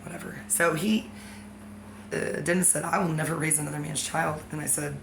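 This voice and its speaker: A woman's voice: deep voice, steady tone, moderate pace, gravelly, slight background noise. A woman ranting in a rambling personal vlog, agitated and swearing, jumping from one topic to the next. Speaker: vlogger. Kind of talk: rambling personal rant to the camera.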